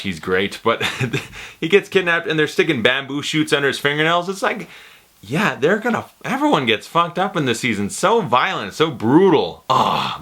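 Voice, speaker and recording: A man talks through a TV series review in an excitable, rambling way, swearing freely as he jumps between scenes. His voice is bright and forceful, and his pitch sits in a middle range. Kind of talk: casual spoken review.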